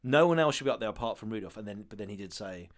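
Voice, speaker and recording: A man's voice: on the low side, racing. A man from the south of England co-hosting a casual podcast, rambling through stories with frequent laughter. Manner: rambling, laughs often, animated storytelling. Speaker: podcast co-host. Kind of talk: casual chat.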